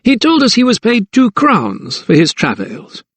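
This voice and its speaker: A man's voice: sits high, wildly swooping pitch, a little slow, slightly rough, no room sound, pitched above the performer's own voice, full character voice. A man voicing a smug, sly older magistrate in an audiobook, with a drawling, self-satisfied manner. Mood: smug, mocking. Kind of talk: audiobook character voice.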